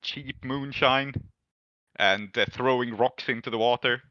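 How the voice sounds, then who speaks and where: A man's voice: mid-range voice, steady tone, unhurried, bright, forceful tone, no room sound, highs cut off. A man narrating as game master in a casual, filler-heavy way.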